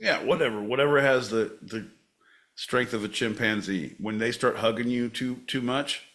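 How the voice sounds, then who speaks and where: A man co-hosting a podcast, bantering sarcastically and crudely, with sudden loud outbursts. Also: mid-range voice, normal speed. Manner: sarcastic, profane, bursts into loud shouting. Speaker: podcast co-host.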